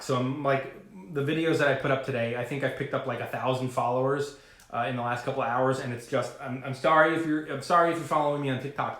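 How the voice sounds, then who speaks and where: A man vlogging to camera about trading, talking in a rambling, animated way full of fillers and asides. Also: mid-range voice, reverberant. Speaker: finance vlogger. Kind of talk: casual talking-to-camera rant.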